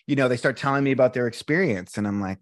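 A mid-pitched man talks openly and with feeling as a guest on a chat show. He tells his stories with energy and slips into other people's voices. His voice sits close and dry, with no room sound. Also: quick pace, no echo. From Boston, USA. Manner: animated storytelling, candid and emotional, acts out quotes. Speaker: breathwork instructor, podcast guest. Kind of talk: casual interview chat.

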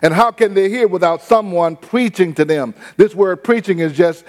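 A man's voice: high voice, a little mellow, in a large hall. A man preaching a sermon to his congregation in a church, talking in a conversational, folksy way and stretching out words to stress them. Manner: conversational preaching, drawn-out emphasis, folksy phrasing. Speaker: pastor. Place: church sanctuary.

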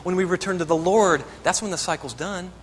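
A man's voice: sits high, brisk, big-room sound, a little hiss or hum. A man preaching a sermon as pastor, earnest and building to emphatic exhortation.

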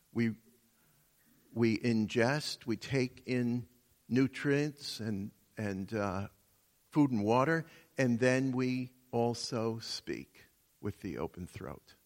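A man preaching a sermon in a slow, measured teaching manner with many pauses. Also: mid-range voice. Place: church. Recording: long reverb of a church hall.

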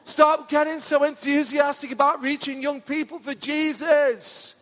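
A man doing a comic impression of a scolding older man who keeps telling people to calm down, shouting and laughing. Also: extremely high pitch, a little slow. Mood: mocking. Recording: reverberant church hall.

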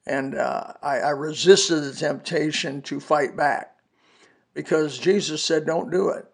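A man's voice: fairly high pitch, a little slow, vocal fry, slightly rough. A man in his seventies telling a personal testimony on a podcast, earnest and folksy, weaving in scripture quotes. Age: 70s. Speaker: podcast preacher.

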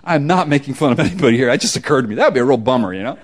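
A man preaching a sermon as pastor, conversational and slangy, swinging from hushed lines to loud emphasis. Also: medium pitch, animated, rapid-fire, few pauses, breathy edge. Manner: conversational, uses casual slang.

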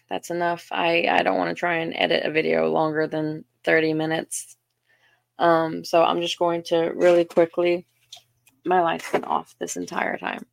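A young Southern woman talks through her podcast in a loose, self-deprecating way, tripping over her words and filling gaps with ums. Her voice sits a little low, with a gravelly fry running through it. The sound is close and dry, with no room around it. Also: dry recording. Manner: chatty, self-deprecating, frequent restarts and ums. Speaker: podcast host. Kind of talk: casual storytelling monologue.

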